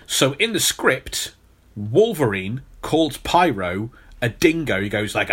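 A man's voice: mid-range voice, big pitch swings, slow, a bit bright, slightly rough. Chatty man telling a story. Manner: storytelling, repeats words when restarting. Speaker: podcast host. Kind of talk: casual podcast chat.

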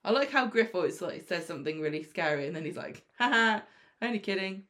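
A woman chatting casually, retelling a soap episode and acting out the characters' lines in quick impressions. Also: mid-range voice, lively intonation, fairly bright tone.

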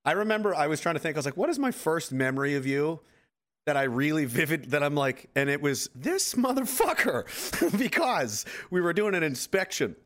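Male host, thirties, casual profane storyteller, very lively delivery. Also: a little high, fairly quick. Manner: profane, animated storyteller, acts out quotes. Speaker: podcast host, military veteran.

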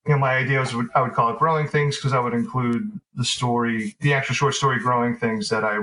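A man talks casually with a mid-range voice, circling his points with plenty of fillers and self-corrections. He keeps a loose, easygoing conversational flow, pitched in an ordinary register. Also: quick pace, poor audio. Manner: relaxed, rambling, many fillers and restarts. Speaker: author guest.

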